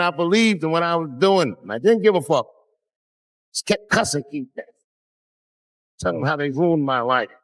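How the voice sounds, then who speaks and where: Male comedian, profane animated storyteller, very lively pitch, stand-up set.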